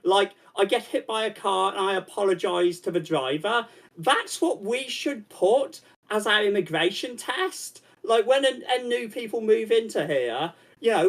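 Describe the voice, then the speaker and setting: A man's voice: high voice, big pitch swings, normal speed. A man, a stand-up comedian on a discussion panel, telling a rambling story with many restarts. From Britain. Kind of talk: casual panel chat.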